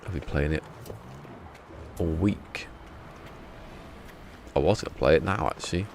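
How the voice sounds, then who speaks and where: A man's voice: rumbling low, measured pace, creaky, slight background noise. A man streaming a game from home, chatting casually and rambling in a self-deprecating way. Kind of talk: casual live-stream chat.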